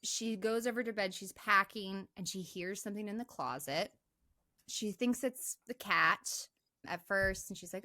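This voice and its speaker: Bright-voiced young woman recapping a film. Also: on the high side, a little slow, dry recording. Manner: animated retelling, acts out quoted lines. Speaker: podcast co-host. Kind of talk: casual movie recap.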